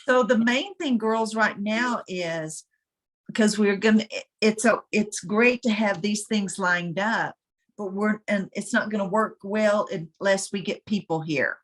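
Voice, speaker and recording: A woman's voice: mid-range voice, unhurried. A woman leading a casual planning meeting, encouraging the group and stumbling over restarts. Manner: encouraging, with false starts. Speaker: group leader rallying members.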